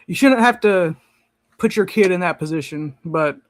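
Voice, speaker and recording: A man's voice: high-pitched, moderate pace, no echo. A young man in casual chat on a live stream, blunt and candid with heavy swearing.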